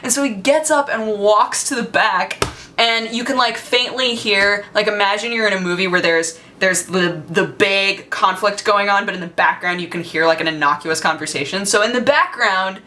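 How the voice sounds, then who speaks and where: A woman's voice: medium pitch, moderate pace, bright, forceful tone, slight background noise. A woman vlogger telling a story in a chatty, casual way, with lots of fillers and frequent laughter.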